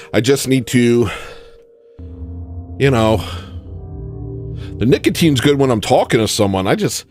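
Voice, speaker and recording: A man hosting a livestream, rambling through a self-mocking comic monologue with theatrical outbursts. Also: medium pitch. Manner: self-mocking, theatrical, bursts into sudden yells. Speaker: livestream host.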